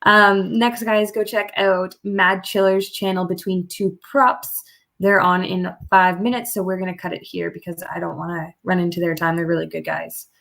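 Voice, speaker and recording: A woman's voice: fairly low pitch, level tone, moderate pace, vocal fry, a bit bright. Chatty Canadian woman hosting a stream. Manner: chatty, laughs often, wraps up the show. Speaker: podcast host. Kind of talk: casual livestream chat.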